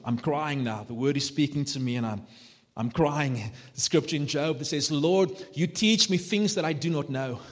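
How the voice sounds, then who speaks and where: A man preaching a sermon as pastor, passionate and animated, building to emphatic peaks. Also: mid-range voice. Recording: long hall reverb.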